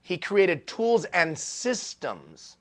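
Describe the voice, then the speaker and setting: A male motivational speaker giving a live keynote talk, animated and self-deprecating, repeating phrases for emphasis. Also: high voice, drawn-out words. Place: stage before a live audience.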